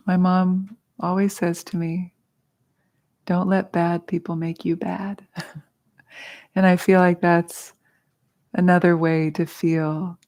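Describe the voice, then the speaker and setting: A woman's voice: fairly low pitch, creaky, warm tone. A middle-aged woman leading a mantra class, explaining with casual humor and easy laughter. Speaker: meditation teacher. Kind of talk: guided mantra teaching. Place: studio.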